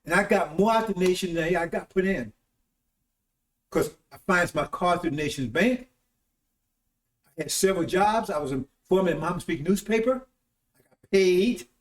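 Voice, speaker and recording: A preacher hosting a broadcast gives a rambling, informal sermon, often checking in with listeners through "See?" and "Right?". His high voice is expressive at a moderate pace with frequent pauses, recorded with roomy echo, distant from the mic.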